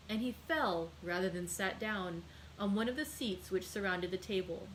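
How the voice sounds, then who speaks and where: A woman librarian reads a classic novel aloud to her group. Her narration is steady and clear, with a voice of middling pitch for a woman. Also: moderate pace, slight background noise, low-quality recording. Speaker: librarian hosting a read-aloud.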